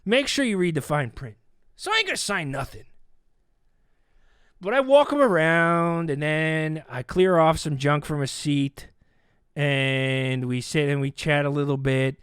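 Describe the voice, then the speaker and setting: A man hosting a podcast, telling a comic story with animated delivery and acted-out voices. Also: fairly high pitch, a little slow, clean tone, no room sound, studio quality. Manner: animated, acts out quoted voices. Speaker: podcast host. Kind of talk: comedic storytelling.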